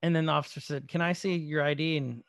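Podcast co-host, male, gravelly and slightly high, animated scene recaps, dry close sound. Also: fast talker, dry recording. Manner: animated retelling with quoted dialogue, swearing. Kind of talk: casual chat recapping a show episode.

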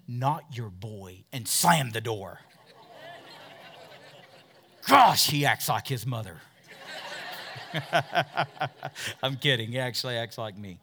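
A male pastor preaching a fervent sermon, drawing call-and-response from the congregation and swinging between loud peaks and hushed asides. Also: high voice. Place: church service with a congregation.

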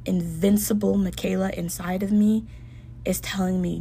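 A woman's voice: medium pitch, flat delivery, moderate pace, gravelly, a little hiss or hum. A young woman hosting a podcast, speaking earnestly and emotionally in a personal monologue. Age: young adult. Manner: earnest, heartfelt self-talk with soft dips. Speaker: podcast host.

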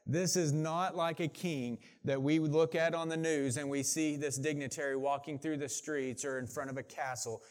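A man's voice: a little high, normal speed, hardly any pauses. A man preaching a sermon, reading scripture aloud with rising force and dropping into casual asides to the congregation. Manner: animated, builds volume and pace when reading scripture aloud. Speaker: pastor.

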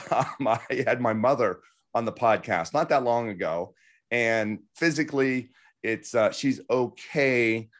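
A man's voice: mid-range voice, a little slow. A man hosting a podcast interview, talking with enthusiasm and affirming his guest, with lots of fillers. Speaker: podcast host. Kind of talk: casual interview talk.

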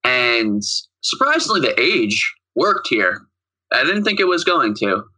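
Male podcast co-host, very bright and forceful tone, mid pitch, rambling casual movie recap. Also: big pitch swings, unhurried, low-quality recording. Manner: rambling, retells scenes with quoted lines.

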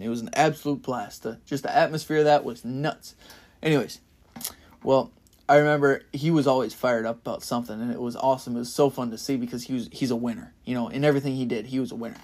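A young man giving a casual, earnest Bible-study sermon as a podcast preacher, getting louder in bursts of excitement. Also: mid-range voice. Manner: earnest and enthusiastic, rising to loud bursts of excitement.

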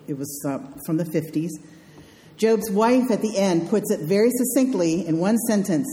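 A woman's voice: medium pitch, unhurried, warm tone. Wry woman preaching in an echoey hall. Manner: wry, dryly humorous asides. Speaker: minister. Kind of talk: conversational sermon.

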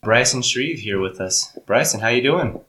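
A man's voice: mid-range voice, lively intonation, moderate pace, bright, forceful tone, echoey room. A man co-hosting a casual chat, adding short, wry remarks. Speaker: podcast co-host.

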